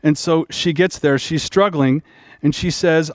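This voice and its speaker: A man's voice: fairly high pitch, normal speed, dry recording. Conversational male pastor, dry sound. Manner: conversational storytelling, plain-spoken. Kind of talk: sermon.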